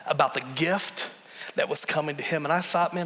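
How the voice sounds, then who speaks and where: A middle-aged man preaching a sermon as pastor in a church, telling stories with lively swings between loud bursts and hushed, slow drops, often repeating words as he builds. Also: fairly high pitch. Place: church sanctuary. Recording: long reverb of a large hall.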